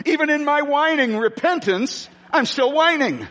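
A man's voice: extremely high pitch, animated, measured pace, fairly bright tone, in a large hall, faint music behind. A man preaching a sermon as pastor in a church, telling self-mocking stories with many stumbles and restarts. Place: church hall.

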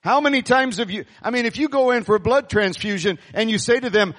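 A man preaching a sermon as pastor, animated and calling on the congregation to respond. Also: very high-pitched, a little fast, few pauses, big-room sound. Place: church sanctuary.

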